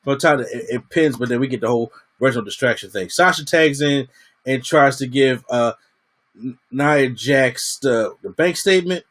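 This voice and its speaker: A man's voice: medium pitch, moderate pace. A man giving a casual, slangy wrestling review, acting out what the wrestlers said. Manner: animated, slangy, acts out quotes.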